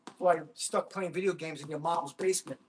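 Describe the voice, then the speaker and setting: A man livestreaming a workout, talking to his chat between exertions, energetic and whooping, blunt with trolls. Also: fairly high pitch, brisk, slight background noise. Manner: blunt and combative toward trolls. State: exerting himself while hitting a ball. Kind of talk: casual livestream chat while training.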